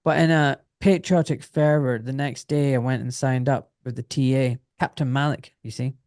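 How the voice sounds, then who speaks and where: Animated middle-aged British man, swearing. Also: medium pitch, normal speed, dry recording, studio quality. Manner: animated, swears, acts out quoted voices. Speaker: podcast guest, former doctor. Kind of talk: casual podcast storytelling.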